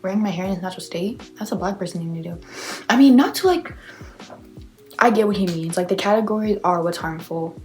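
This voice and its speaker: Young woman reader, lower-pitched, quick sarcastic reactions, laid-back chat. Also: fairly even intonation, darkish tone, soft background music. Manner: chatty, filler-heavy, sarcastic asides. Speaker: reader reacting to online confessions. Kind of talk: casual reading and reaction.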